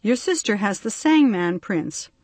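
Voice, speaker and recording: A harried little bee man from a storybook, polite and fussy, coaxing at first and then turning stern, as a woman reader puts him on. The voice sits a bit higher than plain narration. It is recorded close and dry. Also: animated, a little slow, darkish tone, no room sound. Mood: pleading. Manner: pleading, then stern and impatient.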